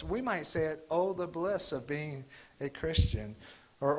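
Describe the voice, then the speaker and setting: A pastor giving a conversational sermon, pausing often on fillers and restarting his sentences. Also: on the high side, rough recording. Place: church sanctuary.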